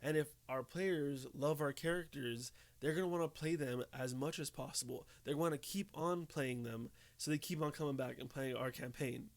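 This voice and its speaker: A man's voice: a little high, moderate pace, hardly any pauses. A young man giving casual tips to camera, talking conversationally and often checking in with "okay?" and "right?". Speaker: tabletop game tips host.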